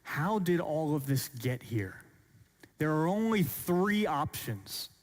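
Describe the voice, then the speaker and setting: A man with a somewhat high voice delivers a measured, earnest talk, building his case through rhetorical questions. He speaks to a large audience in a church hall, and a long reverb trails each phrase. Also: big pitch swings.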